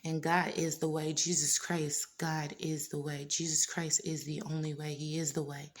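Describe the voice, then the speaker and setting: A woman vlogger giving a personal testimony, talking earnestly, repeating phrases for emphasis and sometimes dropping to a hushed whisper. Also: deep voice, little pitch movement, normal speed. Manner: drops into hushed whispers at times.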